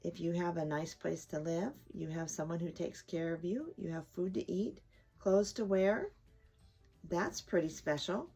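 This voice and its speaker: A woman reading a bedtime story aloud and gently asking young listeners questions, with soft music behind. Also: on the low side, unhurried, vocal fry, breathy edge. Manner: gentle, asks children questions.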